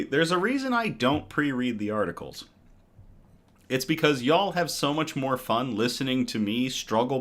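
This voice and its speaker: A man's voice: mid-range voice, fairly bright tone. A man hosting a casual livestream chat, reading viewer comments aloud and laughing often. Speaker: host.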